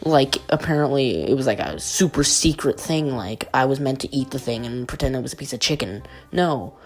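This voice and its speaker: A man's voice: mid-range voice, fairly quick. A young man vlogger telling a crude, exaggerated comic rant. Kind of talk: comedic rant vlog.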